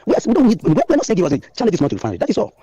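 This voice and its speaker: A man's voice: high-pitched, wildly swooping pitch, rapid-fire, mellow, breathy edge, dry recording, muffled recording. A Nigerian man calling a radio show, giving earnest advice and quoting scripture. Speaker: radio caller. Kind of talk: preachy call-in.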